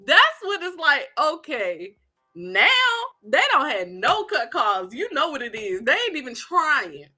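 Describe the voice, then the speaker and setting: A woman, giving animated, sassy commentary straight to her viewers. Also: sits high, unhurried. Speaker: online commentator.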